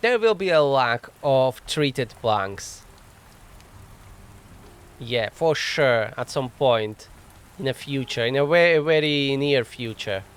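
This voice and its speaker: A gaming host with a smooth, slightly high voice plays through a casual let's play, voicing his thoughts as he goes. Using a desk mic, he laughs often and makes wry jokes at his own expense.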